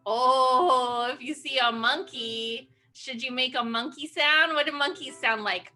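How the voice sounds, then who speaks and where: A woman hosts a children's sing-along over a video call, with a high, bright voice that stays unhurried. She is playful and encouraging, gasping with delight and throwing in animal noises. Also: soft background music.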